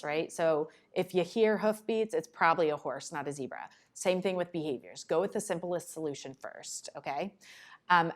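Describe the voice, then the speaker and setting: Female presenter, lower voice, chatty and animated, explains to parents in a conference room. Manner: lively, conversational, acts out the child and parent in quick asides. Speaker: conference presenter on child behavior.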